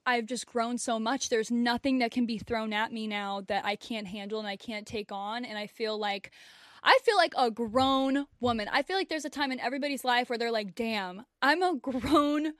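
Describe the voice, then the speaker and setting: A woman's voice: fairly high pitch, normal speed, dry recording, studio quality. A young woman co-hosting a podcast, talking in an earnest, heartfelt and emotional way. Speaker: podcast co-host. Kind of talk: casual chat.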